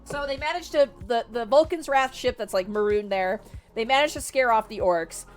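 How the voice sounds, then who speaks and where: A woman streamer casually retelling a story, chatty and animated, with frequent fillers and the odd swear. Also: fairly high pitch, moderate pace, faint music behind. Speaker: vtuber streamer.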